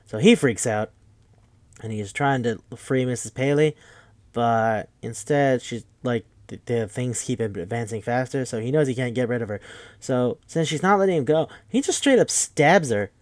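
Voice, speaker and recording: A man's voice: mid-range voice, normal speed, dry recording. Casual swearing man recapping a movie. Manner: profane and rambling, full of "like" fillers. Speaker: podcast host.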